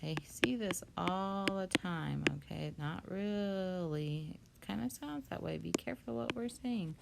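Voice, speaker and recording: A woman teacher walking through a spelling lesson, patient and steady as she breaks words into syllables. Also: medium pitch, moderate pace, gravelly, very noisy.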